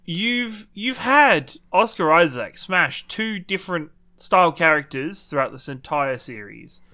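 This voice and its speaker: Man, podcast co-host, incredulous sweary rant, lively swooping pitch, bright tone. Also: unhurried. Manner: animated, swears freely, rants with incredulous questions. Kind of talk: casual pop-culture chat.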